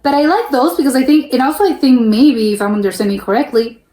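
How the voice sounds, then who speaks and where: A woman's voice: high voice, animated, quick pace, warm tone, roomy sound. A young woman from the United States hosts a reaction video, thinking aloud in casual commentary with many fillers and restarts. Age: young adult.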